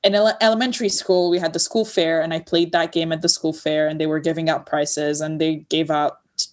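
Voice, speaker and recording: A woman from Lebanon, a comedian, chatting casually on a podcast with a near-American accent and lively, laugh-filled storytelling. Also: deep voice, a little fast. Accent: American-sounding English with slight Lebanese tinge. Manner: animated storyteller, laughs often, acts out lines. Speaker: comedian guest.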